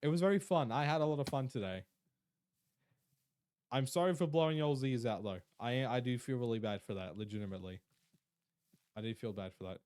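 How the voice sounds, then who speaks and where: A man's voice: medium pitch, brisk, long pauses, a little mellow. A young man streaming live. He chats casually with his viewers, jokes around, swears a lot and greets people in chat.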